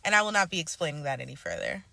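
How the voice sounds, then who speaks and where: A woman with a Jamaican accent giving emphatic direct-to-camera commentary, slipping into quick patois. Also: low voice, animated, creaky, bright, forceful tone, slight background noise. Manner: emphatic, switching into fast patois.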